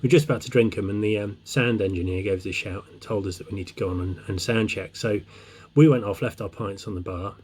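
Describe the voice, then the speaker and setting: Bloke, low husky voice, chatty rambling joke. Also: male voice, fast talker, few pauses, darkish tone. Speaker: joke teller. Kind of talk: casual joke telling.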